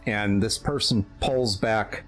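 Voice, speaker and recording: A man narrating a tabletop role-playing game as game master, in a slow, measured way with small hesitations. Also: lowish voice, fairly even intonation, fairly bright tone, soft background music.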